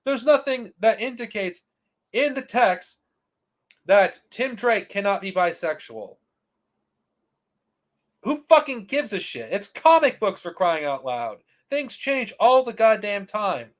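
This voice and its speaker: A man's voice: high-pitched, big pitch swings, takes it slowly, pauses often. A man hosting a commentary channel, delivering a heated, profane rant with frequent restarts and repeated rhetorical questions. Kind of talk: ranting commentary.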